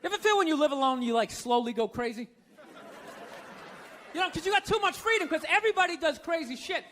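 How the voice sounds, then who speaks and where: Stand-up man, very high bright tenor, sarcastic ranting, live stage mic with a faint crowd. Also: lively intonation, quick pace, a little hiss or hum. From United States. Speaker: stand-up comedian. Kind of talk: stand-up routine. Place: comedy stage before a live audience. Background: audience laughter.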